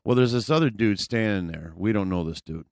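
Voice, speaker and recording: A man's voice: fairly low pitch, a little fast, a little mellow, dry recording, studio quality. A man vlogger telling a personal story in a casual, rambling way, full of fillers and profanity.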